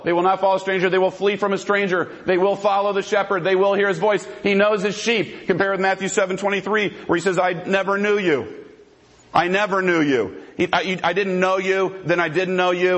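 In a formal debate, a man with a notably high, slightly bright voice argues his case emphatically, driving each point home through repetition. The sound is lo-fi.

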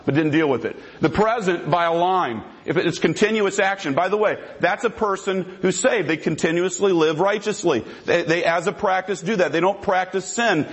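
A man with a notably high voice argues his case in a formal debate. He speaks emphatically and hammers home each point by repeating it. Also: normal speed, hardly any pauses, poor audio.

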